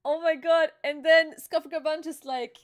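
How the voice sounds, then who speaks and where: A young woman with a high, bright voice hosts a casual live reaction chat. She is excitable and emotional, drops slang and plenty of fillers, and rambles as her thoughts come. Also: normal speed. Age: young adult. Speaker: channel host reacting to a manga chapter.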